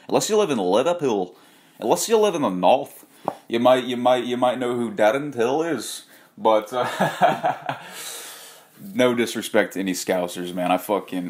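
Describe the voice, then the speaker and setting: A man's voice: mid-range voice, darkish tone. A man hosting a casual rant vlog, talking in a rambling, profane way with frequent restarts and self-corrections. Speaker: host.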